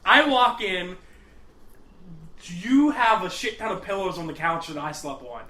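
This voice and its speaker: Podcast co-host, man, high and bright, loose swearing storyteller. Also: animated, a little slow. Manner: rambling storyteller, swears freely. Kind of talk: casual chat. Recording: echoey room.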